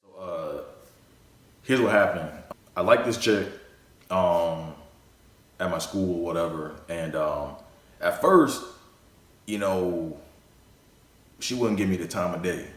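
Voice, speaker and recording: A man's voice: low-pitched, slow, long pauses. A young man telling a casual story, rambling and full of fillers. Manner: rambling, full of "you know" and "like". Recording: echoey room.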